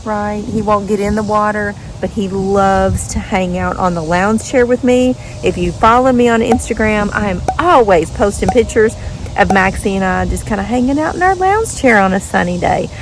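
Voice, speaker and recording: A woman's voice: mid-range voice, normal speed, background noise. Chatty woman outdoors. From Western Kentucky. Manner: chatty, talks to her dogs in a sing-song voice. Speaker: vlogger. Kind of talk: casual chat to camera. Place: outdoors at home.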